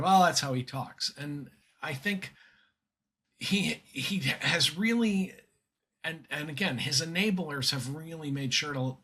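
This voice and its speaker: Older american guy on a podcast, bright edgy voice, a bit husky, keeps restarting himself. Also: fairly high pitch. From United States. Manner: earnest, emphatic, with frequent restarts and fillers. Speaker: guest commentator. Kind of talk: conversational podcast interview.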